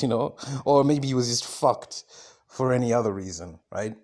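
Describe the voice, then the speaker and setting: A man's voice: mid-range voice, animated, normal speed, a little mellow. A man hosting his own podcast, talking alone in a rambling monologue, swearing often, restarting sentences and asking "right?" as he goes. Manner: swearing, many fillers and restarts, asks "right?". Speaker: podcast host.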